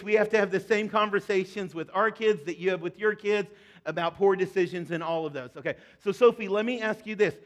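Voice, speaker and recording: A middle-aged male pastor preaching a sermon to his congregation, earnest, dropping to soft hushed tones and rising to loud emphatic peaks. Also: high voice. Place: church stage before a congregation.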